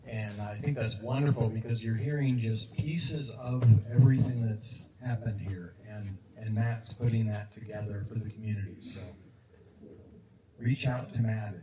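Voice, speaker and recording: A man emceeing a memorial, introducing speakers in a brisk, friendly way. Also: on the low side. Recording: echoey, distant, with background noise.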